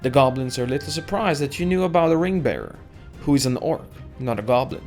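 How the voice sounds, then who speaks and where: A man reads an AI text adventure aloud as its player, narrating in a steady second-person voice. His pitch sits in a middle range. Faint music plays in the background. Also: fast talker.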